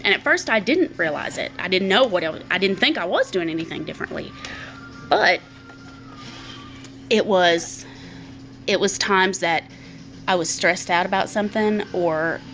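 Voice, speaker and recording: A middle-aged woman talks openly to her camera in a fairly low voice, circling back over her words as she works through her thoughts. Faint music plays quietly under her speech. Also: lively intonation, normal speed, long pauses. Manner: candid, repeats words while thinking aloud. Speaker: vlogger. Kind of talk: personal talk to camera.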